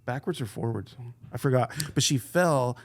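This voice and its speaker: Gravelly-voiced man co-host. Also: medium pitch. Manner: supportive, chimes in with quick agreement. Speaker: church podcast co-host. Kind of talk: casual chat.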